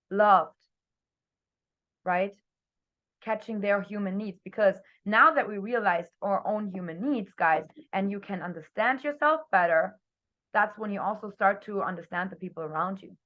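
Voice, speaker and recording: A young woman coaching her team on a video call, talking energetically and expressively, her voice swinging between loud and soft. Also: mid-range voice, highs cut off. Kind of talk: motivational talk on a group video call.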